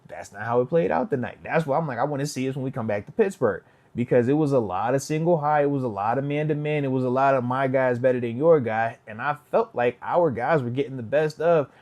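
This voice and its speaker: A man in his thirties, a retired football player and host, giving a casual, animated live post-game reaction and talking to his viewers. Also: medium pitch, fast, hardly any pauses. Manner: animated, talks to chat, quotes players in put-on voices.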